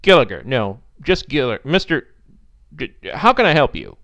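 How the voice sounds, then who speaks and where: A man voicing a gruff, easily annoyed bar worker who hesitates and grumbles as he talks. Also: medium pitch, very animated, normal speed, a bit bright, dry recording.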